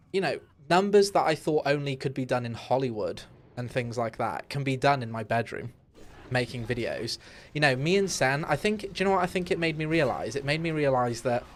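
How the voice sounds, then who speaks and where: A young man streaming a game from his home setup, talking in a candid, rambling way with many fillers and restarts. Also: mid-range voice. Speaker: gaming streamer. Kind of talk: casual live-stream chat while playing.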